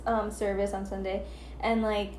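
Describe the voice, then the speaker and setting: A woman's voice: mid-range voice, flat delivery, moderate pace, a crowd in the background. A young woman co-hosting a podcast, telling a story in casual chat and acting out the quotes with squeals. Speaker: podcast co-host. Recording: echoey room.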